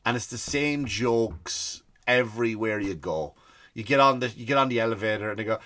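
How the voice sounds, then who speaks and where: A man with an Irish accent, a comedian hosting his podcast, telling stories in an animated comic rant and acting out the people he quotes. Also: mid-range voice, brisk. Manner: animated storytelling, acts out quoted people, swears freely.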